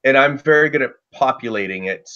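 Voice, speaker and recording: A man telling a casual story about running a tabletop game, loose and lively, with lots of "like" fillers. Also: mid-range voice, a little fast, clean tone, muffled recording. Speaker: dungeon master guest.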